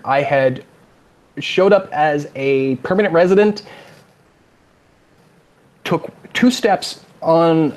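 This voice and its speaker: A man from California with a Californian accent, a game designer chatting as an interview guest and acting out the people in his stories. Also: medium pitch. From California, USA. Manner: animated storyteller, acts out quotes. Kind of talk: casual interview chat.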